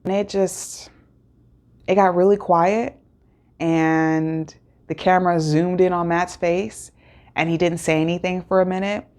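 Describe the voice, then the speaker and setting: A woman talks through an episode recap in an easygoing, rambling way. Her voice sits a little on the low side. She is full of fillers and restarts. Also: fairly even intonation, a little slow, darkish tone. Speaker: host.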